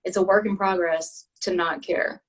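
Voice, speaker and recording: A woman's voice: on the low side, fairly even intonation, normal speed, rough recording. A woman from Alabama with a Southern accent, a podcast guest talking candidly and thoughtfully in casual conversation. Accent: Southern American, Alabama. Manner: thoughtful, candid, laughs easily.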